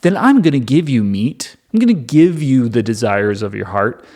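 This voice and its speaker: A man's voice: mid-range voice, slow, creaky, a little mellow. A man voicing a petty, jealous male deity who threatens his people in a mocking, sarcastic tone. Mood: spiteful.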